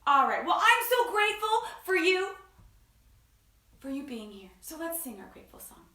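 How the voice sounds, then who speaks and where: A woman's voice: extremely high pitch, big pitch swings, normal speed, sharp tone, reverberant, distant mic. A woman hosting a children's story time, talking in a playful, bubbly way to young kids.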